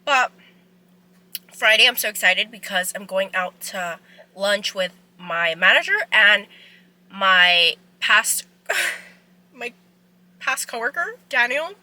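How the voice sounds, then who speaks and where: This casual vlog comes from a young woman in her twenties filming herself on her phone in a car, chatty and meandering with lots of "like" fillers. She's close to tears, speaking slowly with frequent pauses in an animated, pushed, bright medium-pitched voice. Audio quality is low.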